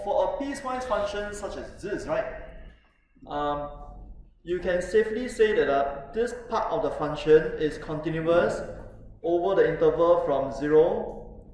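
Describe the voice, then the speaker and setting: A man lecturing a math class, his voice a little high and picked up from across an echoey room. He talks in a loose, chatty way, tags "no?" onto his points and fills pauses with "uh". Faint noise sits under the recording. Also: a little mellow, far from the mic. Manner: chatty, asks "no?" often, many fillers.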